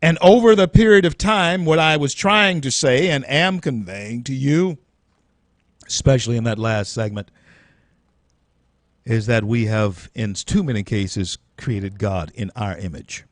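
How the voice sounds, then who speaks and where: A man's voice: mid-range voice, a little slow, no echo, studio quality. A man hosting a live-stream talk show, speaking in an earnest, preacherly storytelling way with frequent restarts. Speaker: host.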